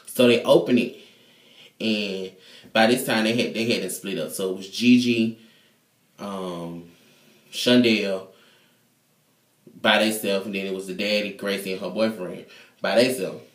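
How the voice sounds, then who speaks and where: A man's voice: fairly low pitch, unhurried, pauses often. Man recapping a TV episode, slangy. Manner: animated, slangy retelling. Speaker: TV show reviewer. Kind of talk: casual profane episode recap. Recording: echoey room.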